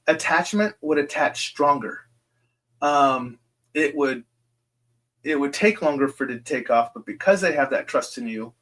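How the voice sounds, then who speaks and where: Guy doing a live q&a, slightly high voice, lots of ums, rambly and reassuring, talks right to you. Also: fairly bright tone. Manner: rambling, reassuring, speaks directly to each viewer with frequent ums. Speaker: host answering viewer questions. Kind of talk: live Q&A stream.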